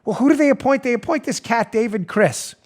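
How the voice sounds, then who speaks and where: A male talk show host ranting about politics with animated sarcasm, often laughing mid-rant. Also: very high voice, brisk.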